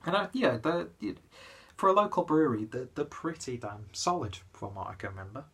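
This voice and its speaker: Slightly tipsy after the pub, this young northwest English man chats through a beer review for his casual vlog, rambling and self-deprecating. His mid-range voice is animated and fairly quick, with a fairly bright, slightly rough tone.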